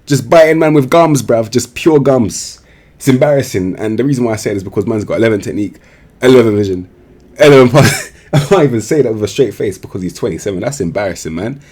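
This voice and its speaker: A young man talks through a football management game in loose, slangy chat. His husky, fairly low voice swings widely in pitch as he jokes and mocks. The tone is sarcastic and casual. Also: expressive, fast talker, darkish tone. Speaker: gaming streamer.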